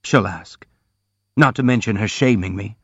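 A man's voice: on the low side, normal speed, fairly bright tone, slightly rough, dry recording. A man reading the part of a brooding, jealous young man in an audiobook, in an intense, bitter, confiding way, recorded dry and slightly dull.

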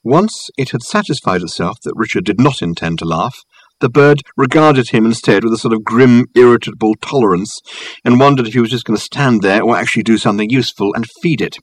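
A man reading a novel aloud in a wry, measured storytelling voice, lightly voicing the characters. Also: medium pitch, slightly rough, dry recording, rough recording. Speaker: audiobook narrator. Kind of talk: scripted narration.

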